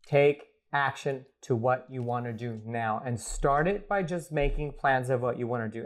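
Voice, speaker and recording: A man chats in a playful, rambling way, and his voice sits in the middle range. He laughs often as he explains things to the listener. The talk was recorded in a home. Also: medium pitch. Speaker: guest astrologer. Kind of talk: casual podcast chat.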